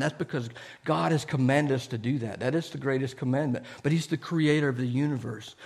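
A man preaching a sermon to his congregation, earnest and repetitive, often asking "Amen?". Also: mid-range voice. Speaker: pastor.

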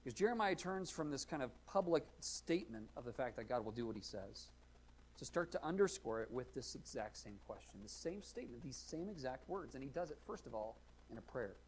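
A male pastor preaching a sermon, earnest and explanatory, rising to loud emphatic readings of scripture. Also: mid-range voice, lively intonation, fairly quick, a little hiss or hum.

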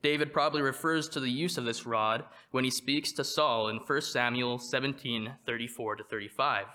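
A man preaching a sermon, reading from a prepared text in a measured way and slowing down to stress quoted verses. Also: medium pitch, steady tone, sharp tone. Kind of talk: read sermon.

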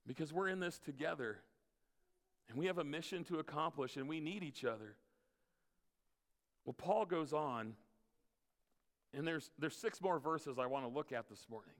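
A man preaching a conversational sermon as pastor, mixing scripture with playful asides. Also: fairly high pitch. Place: church sanctuary. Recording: long hall reverb.

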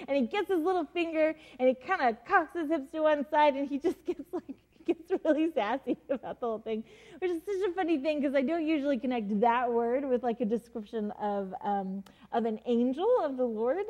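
Woman, casual Bible teaching, mellow voice, chatty with fillers, acts out quotes. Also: high voice, animated, normal speed, rough recording.

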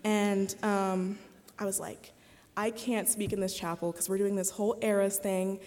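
A woman's voice: medium pitch, little pitch movement, unhurried, a little mellow, a little hiss or hum. A young woman of eighteen tells a personal faith story in a chatty, candid way, full of fillers and retold conversations. She speaks to a chapel audience. Her voice rings with the long reverb of the hall. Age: 18, young adult. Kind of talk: personal testimony talk.

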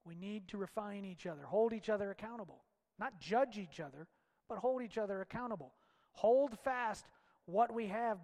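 A man preaching a sermon with passion, swinging from loud shouts to hushed low lines. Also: long reverb tail.

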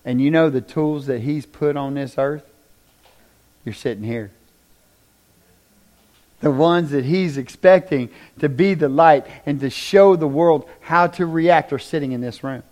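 A man with a drawl preaches to a room of listeners. His voice sits somewhat high, and he tells stories animatedly, acting out other people and joking with the congregation before turning to prayer. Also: a little slow. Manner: animated, acts out people in quotes, jokes with the room. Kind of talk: sermon with storytelling and prayer.

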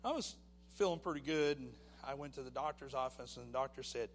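Man sharing a personal testimony, mid-range voice, lively storytelling with acted-out voices; faint hum under the recording. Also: medium pitch, brisk, in a large hall. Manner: animated storytelling, acting out voices. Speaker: church testimony speaker.

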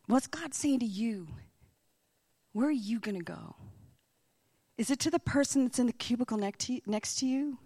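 Her pitch on the high side and her pace moderate, a woman delivers an animated sermon as a missionary speaker. She brings her stories to life and now and then lowers her voice to a hush.

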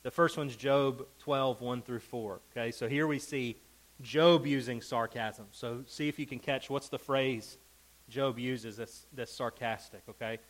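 A man's voice: medium pitch, steady tone, a little slow, rough recording. A man teaching a Bible lesson to a class. He reads scripture with emphasis and keeps checking in with the group.

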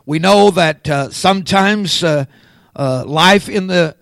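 A man preaching a sermon at a slow, deliberate pace, his fairly high voice rising and growing louder when he leans on key words. The sound is close and dry, with no room echo. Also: creaky. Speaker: pastor.

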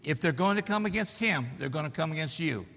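Animated man preaching in a hall. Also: fairly high pitch, a little fast, gravelly. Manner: animated, teasing, bold declarations. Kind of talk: sermon.

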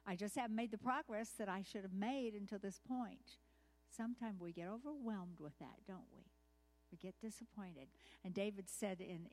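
A woman preaching a conversational sermon. She is candid and self-deprecating, asks the listeners questions, and tells stories with energy, speeding up when she quotes others. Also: fairly low pitch. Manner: lively storytelling, quickening when quoting others.

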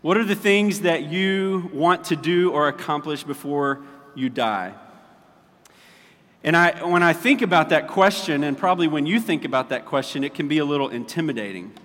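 A male pastor gives a relaxed, conversational sermon, often pausing to check that his congregation is following. His voice sits fairly high for a man. A long reverb from a large church hall trails each phrase. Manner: chatty, checks in with the audience often.

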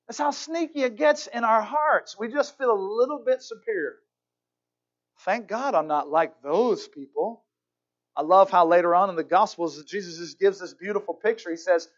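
Animated storytelling male pastor, lo-fi. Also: sits high. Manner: storytelling, animated, acts out characters. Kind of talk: sermon.

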